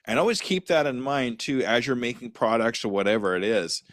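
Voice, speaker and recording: A man hosting a podcast interview, chatting casually with a self-deprecating, lively manner. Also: mid-range voice, fairly quick, no echo, clean studio sound. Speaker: podcast host.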